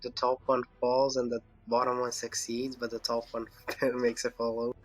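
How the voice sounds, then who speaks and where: A man's voice: mid-range voice, monotone, moderate pace, soft background music. A man playing a tabletop game, joking and swearing casually. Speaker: player.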